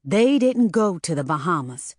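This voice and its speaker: A woman's voice: fairly low pitch, very animated, normal speed, a little mellow, no echo, studio quality. A woman voicing a worried, determined mother who speaks sharply and insistently. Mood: urgent.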